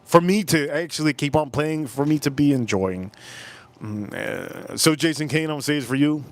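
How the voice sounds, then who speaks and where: A man in his forties hosting a casual livestream outdoors, telling animated stories and calling out viewers by name. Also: fairly high pitch, moderate pace, no echo. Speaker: livestream host.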